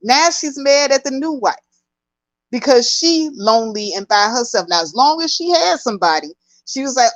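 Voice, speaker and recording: A woman hosting a casual gossip commentary, talking in an emphatic, chatty, drawn-out way. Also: sits high, lively intonation, no echo, low-quality recording. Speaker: host.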